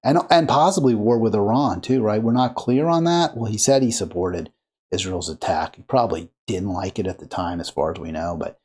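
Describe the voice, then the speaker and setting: A man's voice: fairly low pitch, animated, brisk, a little mellow. A man from Maryland hosting a political commentary show, talking casually and rambling with many fillers and restarts. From Maryland, USA.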